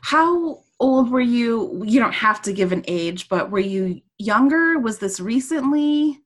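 A woman's voice: fairly high pitch, lively intonation, measured pace. A woman hosting a podcast, asking her guest curious, probing questions. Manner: curious, openly nosy questioner. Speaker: podcast host. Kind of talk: interview questions.

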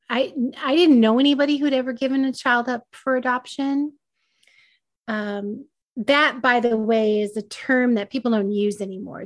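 Candid woman telling her story. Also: a little high. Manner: candid, self-deprecating, laughing at herself. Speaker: podcast guest. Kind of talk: personal storytelling in conversation.

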